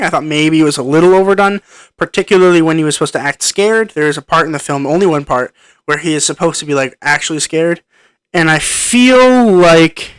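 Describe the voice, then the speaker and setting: Guy rambling thru a movie review on his computer mic, lots of ums, kinda high voice. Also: a bit bright, clean tone, dry recording. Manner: rambling, hesitant, many ums and restarts. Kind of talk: casual spoken film review. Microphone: microphone plugged into a computer.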